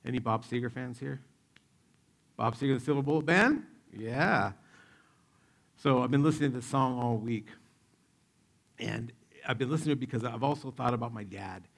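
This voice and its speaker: A man's voice: mid-range voice, normal speed, vocal fry, pauses often. A male pastor preaching a sermon, retelling a Bible story in a casual, joking way and acting out the quotes.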